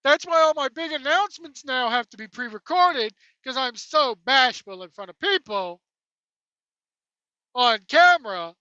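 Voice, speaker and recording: A woman's voice: high-pitched, expressive, sharp tone, dry recording, exaggerated voice. A woman mimicking a jittery awkward boss man. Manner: strained, halting, stammering. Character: nervous, socially awkward male company boss. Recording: dull, dry lo-fi sound.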